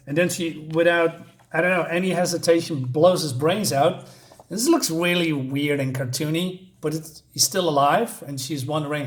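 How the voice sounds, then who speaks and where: Male comic reviewer, casual recap, lots of ums and restarts, fairly high voice. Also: fairly even intonation. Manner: halting, many fillers and restarts, reads quotes aloud.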